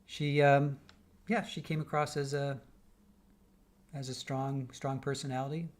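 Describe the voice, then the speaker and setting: A mid-range, level, unhurried voice belongs to an older man from the American Midwest hosting a livestream. Killing time before a trial, he reads comments from viewers and answers in a loose, chatty way, often restarting what he's saying.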